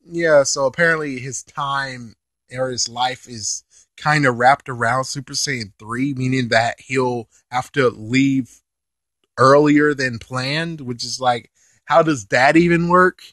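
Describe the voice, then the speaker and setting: An anime reviewer, male, chats casually about an episode in a medium-pitched voice. He's lively, laughs as he talks and swears now and then, and the recording has no room sound.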